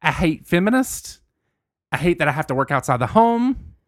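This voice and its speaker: Guy putting on a mad country lady ranting, crude, slightly high, dry sound. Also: very animated, moderate pace, dry recording. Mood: angry rant. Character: angry right-wing country woman ranting online. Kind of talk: reading a post aloud in a put-on voice.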